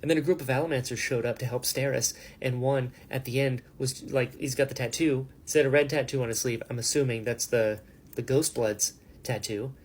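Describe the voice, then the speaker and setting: Man, casual book-reaction vlogger, excitable, mid-range voice, faint background noise. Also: mid-range voice. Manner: excited, swears casually, quotes characters in quick voices. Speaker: book reviewer.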